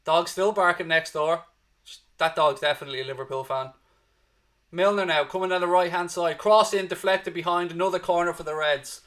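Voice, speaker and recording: A man with a Dublin Irish accent hosting a fan watchalong, giving animated live match commentary and chatting with viewers, swearing freely and urging positivity. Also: on the high side, a little fast, slight background noise. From Ireland.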